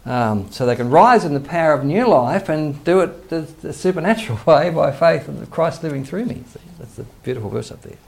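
An older man, a pastor, earnestly teaches a sermon, quoting scripture and chuckling to himself. His voice is medium in pitch with a darkish tone.

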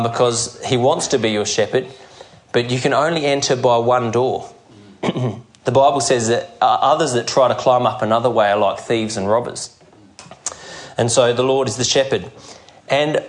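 A man preaching a sermon, earnest and measured, acting out the scripture scenes he tells. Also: mid-range voice. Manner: earnest, measured preaching with dramatic quoted voices. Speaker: pastor.

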